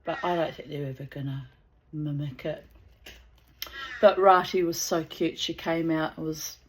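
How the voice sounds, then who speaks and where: A woman, an author telling personal stories in a chatty, digressive, animated way. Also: low voice, measured pace, slight background noise, low-quality recording. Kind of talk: casual storytelling with asides.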